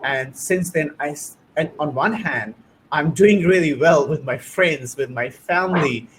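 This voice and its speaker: A man hosts a heartfelt conversation in a voice pitched a little high. He speaks earnestly in short, searching phrases as he shares his own experience, with faint ambient noise behind him. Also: a little slow, rough recording. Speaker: host. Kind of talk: personal testimony in conversation.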